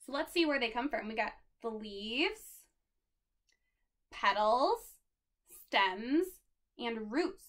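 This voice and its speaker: A woman librarian reads a picture book to children, pausing to point things out. Her voice is high and bright. She takes an unhurried pace. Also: animated. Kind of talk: storytime picture book reading.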